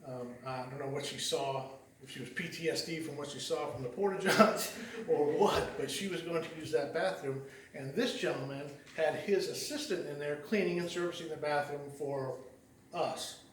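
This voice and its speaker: A man's voice: on the high side, moderate pace, a little hiss or hum. A man giving a conversational sermon, telling a story in a folksy, rambling way, often restarting and repeating words. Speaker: lay preacher. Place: church sanctuary. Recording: echoey church hall heard from a distance.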